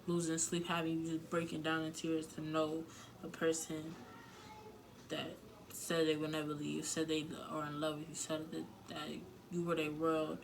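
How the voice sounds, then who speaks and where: A woman's voice: low voice, completely flat delivery, moderate pace, creaky, a little hiss or hum. A woman giving frank relationship advice in a casual vlog, talking candidly with plenty of filler words and some swearing. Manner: emotional, close to tears at times.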